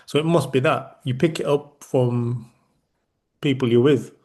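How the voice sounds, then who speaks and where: This is a middle-aged man from Yorkshire in casual conversation, with a voice of ordinary pitch. He talks in loose, rambling stretches, stopping and restarting his sentences and repeating words as he goes. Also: fairly even intonation, unhurried, darkish tone. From Yorkshire, England. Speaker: podcast co-host. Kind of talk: casual chat.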